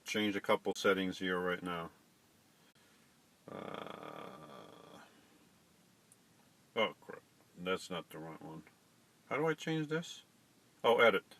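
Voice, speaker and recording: A man's voice: fairly low pitch, pushed and bright, no room sound. A middle-aged man hosting a casual live stream, chatting to viewers and fumbling with settings.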